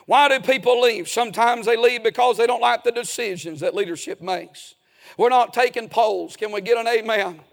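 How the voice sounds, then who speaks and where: A man's voice: extremely high pitch, moderate pace, creaky. A man preaching a folksy, emphatic sermon as a pastor in a church.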